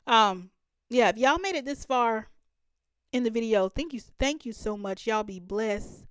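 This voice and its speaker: A woman's voice: on the high side, lively intonation, a little slow, clear, resonant tone, dry recording, studio quality. A woman hosting a reaction video, talking emphatically to her viewers and laughing often. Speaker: reaction channel host. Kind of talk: reaction commentary.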